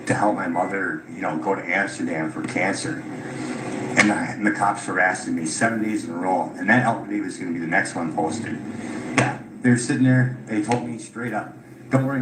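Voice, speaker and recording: A tired, frustrated man recounting his grievances, swearing often as he talks. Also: sits low. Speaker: caller telling his story. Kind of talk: unscripted recorded account. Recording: echoey room with loud background noise.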